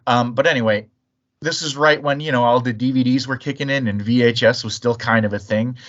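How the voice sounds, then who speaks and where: A man's voice: medium pitch, a little fast, a bit bright. Profane storytelling man, lo-fi sound. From Chicago area. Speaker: podcast host. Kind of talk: casual chat.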